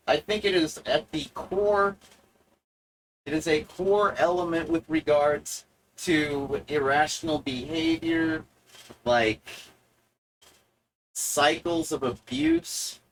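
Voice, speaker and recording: A man delivering a provocative monologue to the viewer, sardonic and deliberate, halting often to find his words. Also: a little high, fairly bright tone, slight background noise, poor audio. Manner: mock-lecturing, talks straight to the viewer. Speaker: video essayist.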